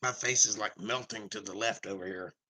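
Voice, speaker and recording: A man's voice: fairly low pitch, brisk, sharp tone, rough recording. A man hosting a casual live stream, reading chat comments aloud in a jokey, rambling way.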